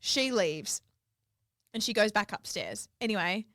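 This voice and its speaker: A woman's voice: mid-range voice, lively intonation, measured pace, a bit bright, dry recording, studio quality. A young woman, co-hosting a podcast and telling a story in casual chat, swearing freely and acting out quotes. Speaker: podcast co-host.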